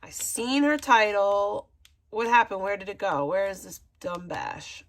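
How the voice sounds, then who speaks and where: A woman's voice: medium pitch, big pitch swings, a little slow. A young woman co-hosting a livestream, giving blunt, sarcastic commentary and heckling.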